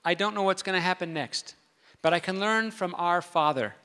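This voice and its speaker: A man giving a storytelling talk on stage, animated and comic, acting out the voices in his stories. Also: sits high, moderate pace, clean tone. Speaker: speaker at a convention. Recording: long hall reverb.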